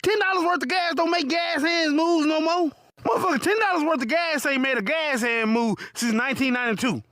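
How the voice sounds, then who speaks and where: A man telling a profane comic story in an animated voice full of punchy asides. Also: very high-pitched, fairly quick, no echo. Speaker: comedic storyteller.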